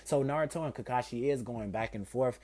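Guy telling a fan story off the cuff, lots of likes and basicallys, mid pitch. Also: fairly quick, darkish tone. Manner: rambling, filler-heavy, self-correcting. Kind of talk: casual spoken retelling of a fan story.

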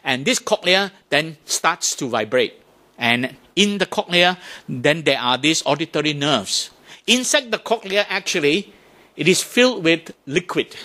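A man giving a Buddhist dharma talk to an audience, animated, often asking questions and imitating sounds to make his points. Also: a little high. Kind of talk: lively talk to a temple audience.

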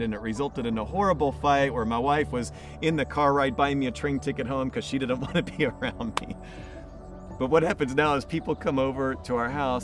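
A man preaching a sermon as pastor, telling stories and building emphasis by repeating phrases. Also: mid-range voice.

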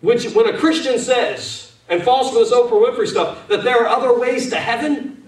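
A man's voice: very high-pitched, animated, normal speed, a little mellow. A man preaching a sermon as pastor, fervent and calling out to his church. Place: church sanctuary. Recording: echoey church room, mic at a distance.

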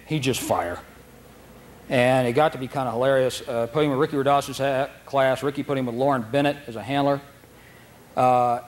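A man teaching a dog training seminar, telling stories with frequent laughs and acting out the dogs and handlers. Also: medium pitch. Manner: anecdotal, laughs often, acts out dogs and handlers. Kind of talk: seminar lecture.

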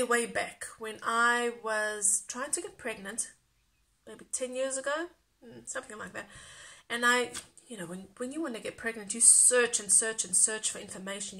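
A woman's voice: on the high side, moderate pace, vocal fry, pushed and bright. A woman from South Africa with a light South African accent, chatting casually and rambling in a craft vlog, laughing often. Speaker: craft YouTuber.

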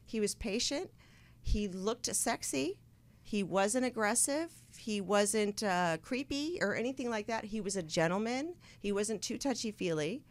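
A woman's voice: mid-range voice, animated, unhurried. A young woman hosting a casual chat show, rambling through stories and laughing often. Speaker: show host.

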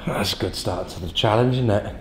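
A man's voice: on the low side, a little fast, music in the background. Chatty man in an echoey room. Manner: joking, swears casually, chatty. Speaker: fitness coach and vlogger. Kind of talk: casual vlog chat.

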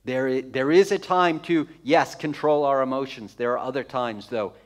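A man's voice: mid-range voice, normal speed. A man preaching a sermon as pastor, conversational and emphatic, repeating phrases for effect with touches of humor.

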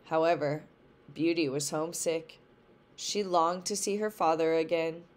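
A woman teacher reading a storybook aloud for a lesson, slow and careful. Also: deep voice, fairly even intonation. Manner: slow, careful read-along pace.

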